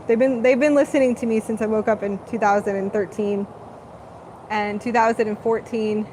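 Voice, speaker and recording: A woman's voice: fairly high pitch, steady tone, brisk, darkish tone, slight background noise, poor audio. A woman hosting a live spiritual channeling talk, speaking in a dreamy, rambling, gushing way.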